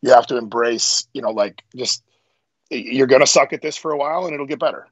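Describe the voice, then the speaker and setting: A man who is a strongman, a podcast guest telling stories in casual chat, animated and profane. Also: medium pitch, brisk, husky, no echo, highs cut off.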